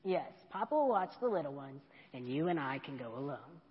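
A woman reading aloud, voicing a gentle, patient mother bear who explains things in a soft, reassuring way. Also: low-pitched, big pitch swings, a little fast, slight background noise, voice pushed down. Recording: dull echoey church hall.

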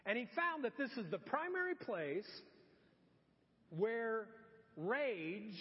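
A middle-aged man preaching a sermon as pastor, telling stories and acting out voices. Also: high-pitched. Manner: animated storytelling with acted-out voices. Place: church. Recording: dull sound in a long-reverb church hall.

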